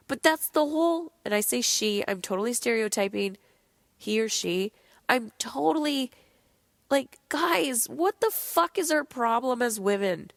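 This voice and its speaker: A podcast host, sick and low on energy, delivers a candid motivational monologue in a fairly high, gravelly voice at a slightly slow pace. She's blunt, animated, and swears a lot. The studio recording is clean with no echo.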